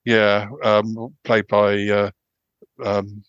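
A man hosting a casual podcast chat, talking haltingly with many restarts and fillers. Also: lowish voice, monotone, dry recording. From United Kingdom. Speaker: podcast host. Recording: dull, lo-fi sound.

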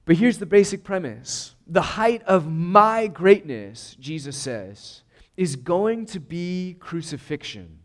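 Man, preacher, earnest and emphatic, unhurried delivery, slightly high voice. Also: expressive. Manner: earnest, emphatic, with restarts and repeated words. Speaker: pastor. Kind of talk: sermon.

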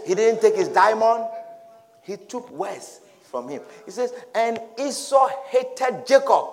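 A man preaching a sermon. He talks emphatically, repeats his phrases and swings into loud shouted declarations. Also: high voice.

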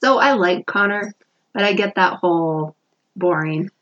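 A woman co-hosting a podcast, chatting casually about a TV show in a relaxed, agreeable way and laughing easily. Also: mid-range voice, unhurried. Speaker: podcast co-host. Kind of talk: casual chat recapping a TV show. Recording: dull lo-fi sound.

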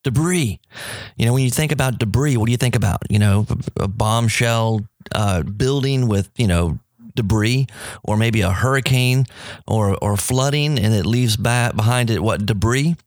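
Excitable New radio host, man. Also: moderate pace, dry recording, studio quality. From New Orleans. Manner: enthusiastic, rambling, pitch jumps when excited. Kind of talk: radio talk about food.

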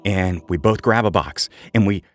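A man from Arkansas, hosting a podcast and telling a story in an animated, casual way. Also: moderate pace, faint music behind. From Arkansas, USA. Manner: animated, jumps high when quoting others. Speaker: podcast host.

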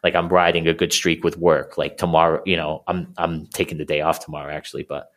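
A man in his thirties with a very low voice talks openly as a coaching client. He rambles and circles back, filling his sentences with "like" and "you know" and restarting as he works out what he means. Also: little pitch movement, fairly quick, a bit bright. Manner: rambling, many fillers and restarts. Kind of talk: casual conversation.

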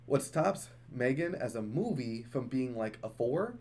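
A man's voice: medium pitch, animated, measured pace, a little mellow. A man co-hosting a movie podcast, casual chat full of fillers, restarts and asides. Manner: rambling storyteller, many fillers and restarts. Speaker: podcast co-host; works with kids at a dental office.

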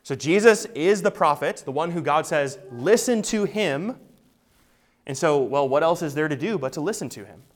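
A man's voice: a little high, animated, moderate pace. A man preaching an expository sermon, emphatic and full of rhetorical questions. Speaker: pastor.

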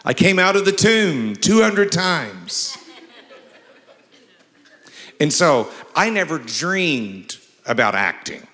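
A man's voice: on the high side, sing-song, slow, pauses often, bright, forceful tone. A man preaching a sermon as pastor, mixing humorous stories with emphatic scripture reading. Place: large church sanctuary. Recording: long reverb of a large church hall.

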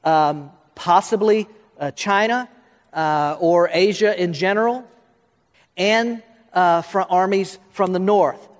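Male preacher, high voice, long hall reverb, quick and restarting sermon delivery. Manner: talks quickly, restarts and fills in with uh, rising to questions. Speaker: pastor.

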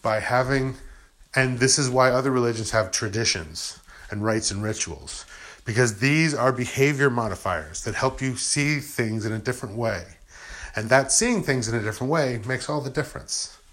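A man's voice: mid-range voice, moderate pace, fairly bright tone. A man in a casual, rambling spiritual monologue, acting out imagined objections and answering them with "you know" and "I'm like".

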